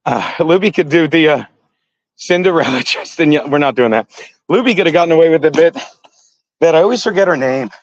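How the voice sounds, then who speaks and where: A man's voice: fairly high pitch, animated, fairly quick. A middle-aged man chatting casually on a livestream to his viewers, rambling and swearing often and laughing at his own jokes. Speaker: comedian livestream host. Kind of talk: casual chat to a live chat while jump roping. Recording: dry, dull lo-fi sound.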